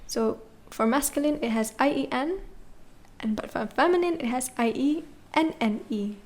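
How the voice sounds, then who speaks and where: Patient woman teaching French, slightly high voice. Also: normal speed. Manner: patient, spells words letter by letter, checks with "okay?" and "right?". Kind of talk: classroom lesson explaining grammar.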